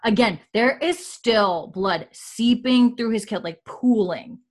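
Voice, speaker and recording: A woman's voice: a little high, slow pace. A woman casually recapping a TV episode, chatty with lots of fillers. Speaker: podcast host recapping an episode. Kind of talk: casual chat.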